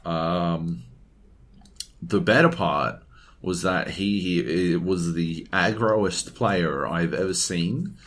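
Speaking low and taking his time, a male co-host on a relaxed gaming podcast gets animated as he swears liberally and plays out others' words.

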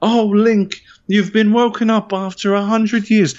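A man doing a shrill pleading princess. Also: flat delivery, unhurried, darkish tone, muffled recording. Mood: mock pleading. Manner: mocking falsetto impression. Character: shrill young princess, woman, pleading and overwrought.

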